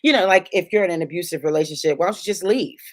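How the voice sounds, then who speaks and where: A woman's voice: fairly low pitch, rapid-fire, no room sound, clean studio sound. A woman co-hosting a podcast, chatting casually and explaining her point in earnest, repeated phrases. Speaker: podcast co-host. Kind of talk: casual chat.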